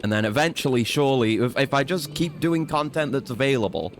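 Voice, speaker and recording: A man's voice: mid-range voice, lively intonation, brisk, a little hiss or hum. A man streaming a video game, rambling and swearing casually as he plans his next moves and mocks himself. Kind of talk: casual let's-play commentary.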